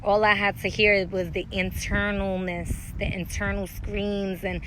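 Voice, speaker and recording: A woman's voice: mid-range voice, little pitch movement, a little slow, a bit bright, slight background noise, poor audio. A woman who works as a spiritual healer, talking candidly and bluntly with frequent swearing in a casual vlog, recorded outdoors at a dog park.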